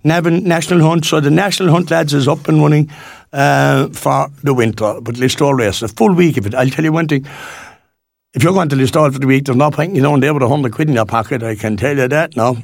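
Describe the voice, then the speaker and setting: A man's voice: fairly high pitch, fast talker, creaky, no room sound, studio quality. A Cork Irish man in his sixties presenting local radio in a rambling, folksy chat full of fillers and restarts. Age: 60s.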